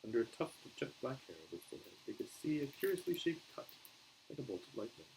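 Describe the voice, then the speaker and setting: A man's voice: medium pitch, big pitch swings, quick pace, gravelly, a little mellow, slight background noise, rough recording. A man reading a children's novel aloud in a casual, unpolished way, with small slips and restarts. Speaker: show host reading aloud.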